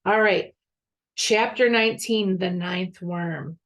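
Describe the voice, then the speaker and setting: A school media specialist, a woman, reading a children's novel aloud in clear storybook narration. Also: lowish voice, takes it slowly, a bit bright, lo-fi sound.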